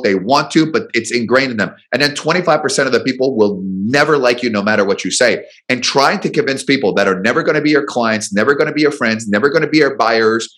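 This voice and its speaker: A man telling business stories as an interview guest, animated and quick to repeat words as he goes. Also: mid-range voice. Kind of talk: storytelling in an interview.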